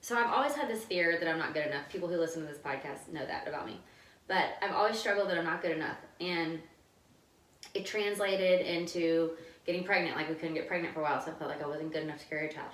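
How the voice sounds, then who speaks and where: A woman's voice: low-pitched, a bit bright. A woman in her thirties hosting a podcast, talking in a casual, confessional way with many fillers. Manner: fast, filler-heavy, confessional talk. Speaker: podcast host. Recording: roomy sound, mic at a distance.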